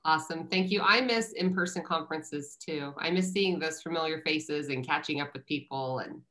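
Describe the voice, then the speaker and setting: A woman with a notably low voice moderates a webinar over a video call. She speaks in a friendly, relaxed way, pausing on fillers now and then.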